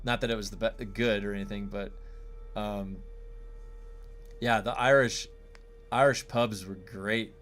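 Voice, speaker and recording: A man's voice: fairly low pitch, fairly even intonation, unhurried, pauses often, a bit bright, faint music behind. A man from the United States streaming a game and chatting casually with viewers, rambling with many fillers and restarts.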